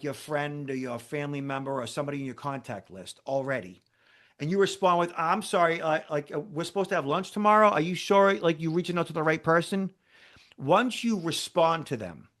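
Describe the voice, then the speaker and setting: A man, a cybersecurity expert guest in an interview, telling a story in an animated way, acting out dialogue and checking in with "okay?" and "right?". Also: on the high side.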